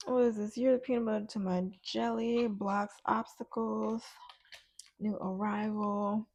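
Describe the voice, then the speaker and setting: A woman talks through a tarot spread at a slow, easy pace. She chews gum as she goes. She muses aloud, laughs often and lets her thoughts trail off. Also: medium pitch, level tone, a little mellow, lo-fi sound. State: chewing gum. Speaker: tarot reader. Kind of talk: casual tarot reading.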